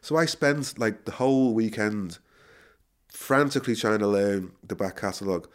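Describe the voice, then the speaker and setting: A middle-aged man, a musician guest, telling a story in a casual interview, laughing and correcting himself as he goes. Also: on the low side. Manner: animated storyteller, quick self-corrections, frequent laughter.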